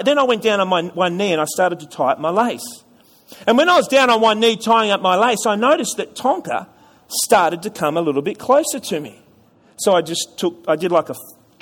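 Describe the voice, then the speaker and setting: A man preaching a sermon to a congregation, chatty and storytelling, often repeating words and asking the audience questions. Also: high voice. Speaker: pastor. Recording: long hall reverb.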